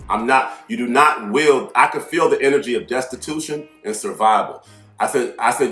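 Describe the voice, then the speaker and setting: A man hosting an astrology channel, telling a story in a brash, profane, animated way that swings into loud outbursts. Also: mid-range voice, moderate pace. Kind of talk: casual storytelling monologue. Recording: echoey room with faint music behind.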